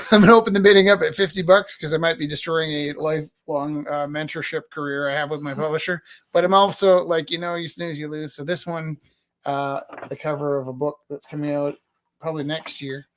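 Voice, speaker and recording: A man's voice: a little high, fairly bright tone, slight background noise. A man in his fifties, an artist auctioning his own paintings in a rambling, self-deprecating, jokey way. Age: 50s. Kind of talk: casual live-stream chat. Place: art studio, indoors.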